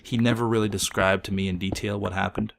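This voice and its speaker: A man hosting a gaming video, telling an absurd made-up story in a deadpan, mock-solemn way that breaks into laughter. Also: on the low side, fast, gravelly, background noise. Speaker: Let's Play host. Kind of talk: absurd tall-tale storytelling while gaming.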